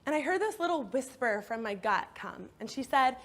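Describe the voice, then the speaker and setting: High-voiced woman telling a motivational story. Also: moderate pace, hardly any pauses. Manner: expressive, animated storytelling. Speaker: speaker.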